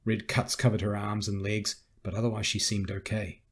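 Husky low-voiced male audiobook narrator. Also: level tone, moderate pace. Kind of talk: scripted narration.

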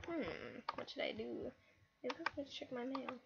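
A female host giving live gameplay commentary, excitable and easily frustrated, with lots of exclamations. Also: on the high side, a little slow, creaky, dull audio, noisy background. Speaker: gaming channel host.

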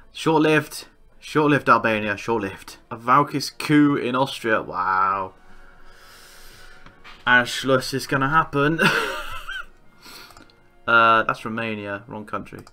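A man commentating a strategy game he is playing, excitable and swearing, with outbursts of disbelief. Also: mid-range voice, slow, pauses often, soft background music. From England. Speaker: gaming YouTuber. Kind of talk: Let's Play commentary.

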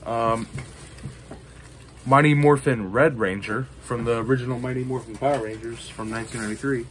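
A man chatting casually to the camera in a show-and-tell vlog. He rambles along, filling his pauses with ums and you-knows. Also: mid-range voice, fairly even intonation, slight background noise. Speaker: vlogger showing his collection.

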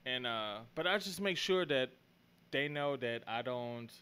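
Bright-voiced man, easygoing podcast chat. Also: mid-range voice, lively intonation, unhurried, clear, resonant tone. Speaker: podcast co-host. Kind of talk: casual chat.

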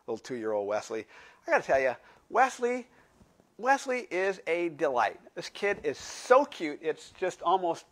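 An older male pastor preaching a sermon in a slightly higher-than-usual voice. He talks conversationally, telling stories with asides and acting out the voices of the people in them. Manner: animated storytelling, acting out quoted voices.

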